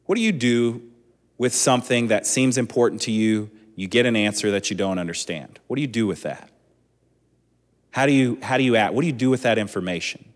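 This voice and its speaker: A man in his thirties preaching a sermon as a pastor, relaxed and conversational with chatty asides. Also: medium pitch, a little fast. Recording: long echoing hall reverb.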